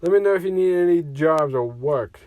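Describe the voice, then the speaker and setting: A man voicing Yondu, an older male alien space pirate who acts as a gruff mentor, saying an offhand, casual farewell. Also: a little high, lively intonation, normal speed, a little mellow, no echo, close to an everyday voice. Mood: friendly.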